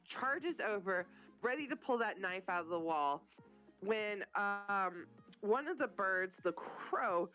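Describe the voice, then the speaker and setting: Woman narrating a tabletop game. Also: medium pitch. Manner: casual, profane, animated storytelling. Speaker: game master.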